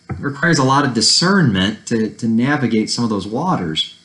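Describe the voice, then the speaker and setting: Male church teacher, mid-pitched, lecturing off the cuff, roomy echoey sound. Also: lively intonation, moderate pace, a bit bright. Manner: unscripted, restarts phrases, fair-minded asides.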